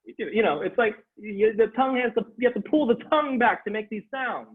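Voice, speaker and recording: A man teaching a Sanskrit class online, animated, repeating phrases and laughing as he explains. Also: high-pitched, a little fast, slightly rough. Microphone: video call. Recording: tinny video-call audio.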